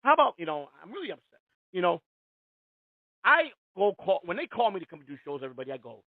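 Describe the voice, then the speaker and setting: A high-voiced man hosts a call-in radio show, swearing freely and circling back over his own sentences. His pitch leaps around as he goes. The sound is thin and phone-like, with no room around it. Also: huge pitch swings, fast talker, dry recording. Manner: profane, rambling and heated, with many restarts. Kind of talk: casual call-in radio talk. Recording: tinny, dry phone-line sound.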